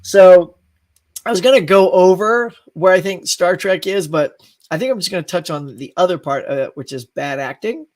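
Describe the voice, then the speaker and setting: A man hosting a casual live stream, rambling and animated and reading viewer comments. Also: high voice, normal speed, no room sound, studio quality. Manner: rambling, animated, laughs between thoughts. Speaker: live show host.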